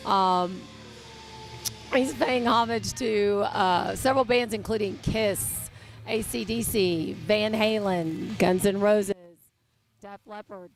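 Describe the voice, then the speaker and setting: A woman's voice: medium pitch, fairly even intonation, takes it slowly, faint music behind, rough recording. A woman co-hosting live TV, reading sponsor thanks in a chatty, flustered way. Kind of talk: live TV presenting.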